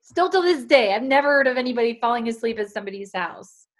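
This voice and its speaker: A woman, a guest on a talk show, telling a story in a casual, animated way and laughing often. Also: fairly high pitch, fast talker.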